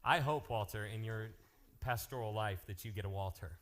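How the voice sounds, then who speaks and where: A man working as a youth pastor, making lively, joking announcements and telling stories to a live youth group. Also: fairly low pitch, normal speed. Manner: energetic, joking, jumps between topics.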